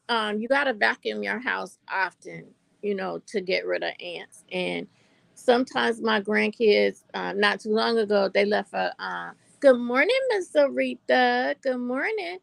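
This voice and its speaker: An older woman with a North Carolina Southern accent chats casually to camera as a vlogger, telling a story and calling her viewers y'all. Her voice is a little high, creaky and fairly bright, with no room sound.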